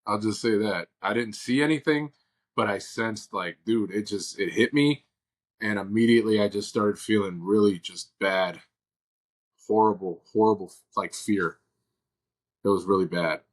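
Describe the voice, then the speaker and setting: A man's voice: on the low side, normal speed. A man co-hosting a paranormal podcast, talking in a laid-back, casual way full of fillers. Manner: laid-back, uses filler like "dude" and "you know". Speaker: podcast co-host. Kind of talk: casual chat.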